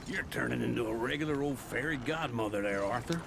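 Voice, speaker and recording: A man's voice: mid-range voice, fairly quick, vocal fry, lightly acted. An actor playing a lazy, joking old male outlaw who teases and boasts with a chuckling drawl, as video game dialogue. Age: older. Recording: game audio with loud hoofbeat noise. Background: horse hooves and wagon sounds.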